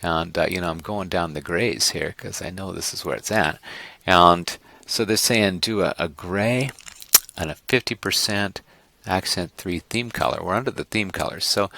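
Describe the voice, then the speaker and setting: A man instructing an online class through a screen-recorded software tutorial, rambling and correcting himself with joking asides to his students. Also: low voice, normal speed, gravelly, no echo.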